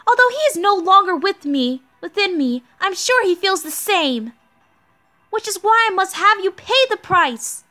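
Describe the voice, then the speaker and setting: A woman's voice: very high-pitched, very animated, measured pace, sharp tone, faint music behind, pitched above the performer's own voice, exaggerated voice. A woman voicing an earnest young female shield knight with an emphatic, determined delivery while reading a game story aloud. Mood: resolute.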